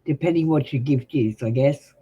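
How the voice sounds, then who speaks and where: A woman's voice: very deep voice, normal speed, mellow, breathy edge, lo-fi sound. An Australian woman reading tarot cards on a live stream, chatting bluntly and casually with viewers in a practiced announcer-style delivery. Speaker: tarot reader.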